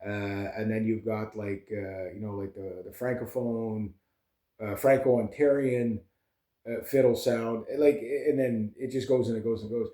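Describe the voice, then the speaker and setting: A man's voice: fairly low pitch, steady tone, unhurried, warm tone, echoey room. A man, a vlogger and musician, chatting casually and rambling between topics with lots of fillers and restarts. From Canada.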